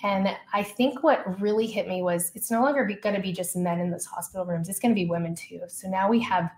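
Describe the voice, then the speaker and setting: A woman guest on a podcast, telling a personal story in a casual, lively way, full of "like" and "you know.". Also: mid-range voice, fairly quick, a little hiss or hum. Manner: lively personal storytelling, acts out her own past dialogue; casual, frequent fillers such as "like" and "you know". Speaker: podcast guest, leadership coach.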